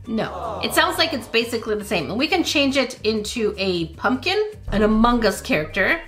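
A woman with a fairly high, lively voice hosts a casual let's-play of mobile games. She reacts out loud as she goes, with quick exclamations and laughter, over faint background music. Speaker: gaming video host.

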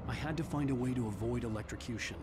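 A man voicing a brooding male writer, giving quiet, grave inner-monologue narration in a video game. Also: mid-range voice, quick pace, background noise, lightly acted. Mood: grim.

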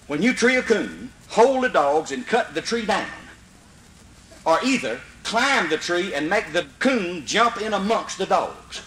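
A man with a Mississippi accent voicing an old country tree climber who shouts and squalls in panic. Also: sing-song, measured pace, roomy sound, full character voice. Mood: instructive. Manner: wild high-pitched hollering, shouting for help.

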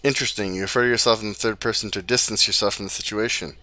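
A man's voice: fairly low pitch, steady tone, rapid-fire, pushed and bright, no room sound. A man streaming a video game, reading the on-screen text aloud and adding casual comments.

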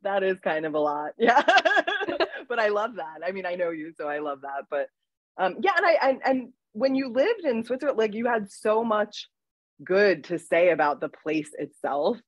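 A woman's voice: mid-range voice, big pitch swings, moderate pace, no room sound, lo-fi sound. A woman interviewing an author in a casual conversation. She is chatty, laughs easily and hesitates with fillers.

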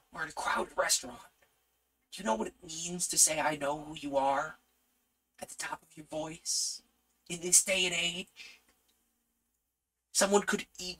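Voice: medium pitch, voice pushed up, rough recording. A tabletop streamer voicing a nervous young man who hides a superhero identity, stammering and flustered. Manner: stammering, flustered, drops to a hush. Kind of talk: solo tabletop role-play storytelling.

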